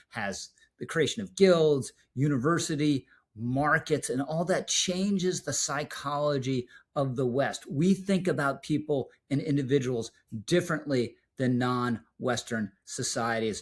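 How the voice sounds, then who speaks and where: A man giving scripted political video commentary, measured and emphatic, slowing down to stress key words. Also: mid-range voice.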